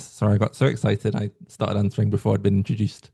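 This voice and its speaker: A man guesting on a podcast, talking in a casual, animated and self-deprecating way. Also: fairly low pitch, fast talker, vocal fry, husky.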